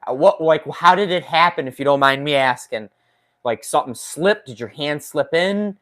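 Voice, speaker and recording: A man hosts a casual live stream, talking straight to his viewers. He reads their comments out loud and laughs often. He speaks into a desk microphone with his injured hand in a splint. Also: fairly high pitch, normal speed. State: recovering from a finger injury, in a splint. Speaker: woodworking channel host.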